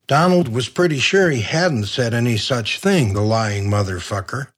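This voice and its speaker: A man's voice: mid-range voice, normal speed, hardly any pauses. A man reading a comic crime novel aloud, in a dry, wry storytelling manner. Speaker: narrator. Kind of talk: audiobook narration.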